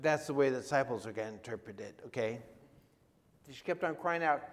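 A man's voice: medium pitch, lively intonation, a little fast, long reverb tail. A man preaching a sermon in a conversational way, often asking his listeners questions. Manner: conversational, asks the audience questions. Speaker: pastor.

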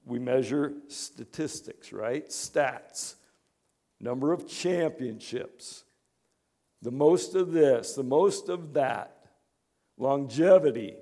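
A man pastor giving a conversational sermon, dropping to hushed asides and rising to emphatic points. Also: medium pitch, animated, takes it slowly. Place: church in Chicago.

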